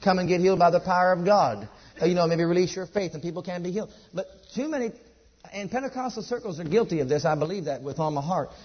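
High male preacher, fervent repetitive sermon delivery, muffled lo-fi recording. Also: fast, husky. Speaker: pastor. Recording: dull lo-fi church recording.

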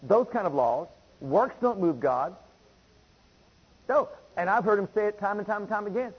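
A man's voice: high voice, lively intonation, normal speed, long pauses, husky, muffled recording. A man preaching a sermon, driving home points by repeating phrases and reading scripture aloud.

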